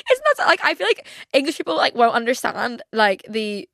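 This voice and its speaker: A woman's voice: a little high, animated, a little fast, vocal fry, hardly any pauses, fairly bright tone, no echo, clean studio sound. Chatty Northern Irish woman podcaster. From Northern Ireland. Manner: chatty, candid, frequent "like" fillers. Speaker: podcast host. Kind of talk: casual solo chat.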